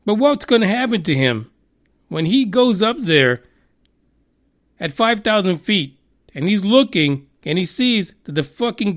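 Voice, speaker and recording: A man's voice: high-pitched, fairly bright tone. A man hosting a podcast news show, giving crude, mocking commentary, swearing freely and laughing as he reads a story. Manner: profane, mocking, laughs while reading.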